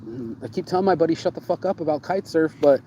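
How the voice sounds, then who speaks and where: Excitable profane man telling stories. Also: on the high side, fast talker, slight background noise, low-quality recording. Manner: excitable, profane, repeats words for emphasis. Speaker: show host. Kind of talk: casual storytelling chat.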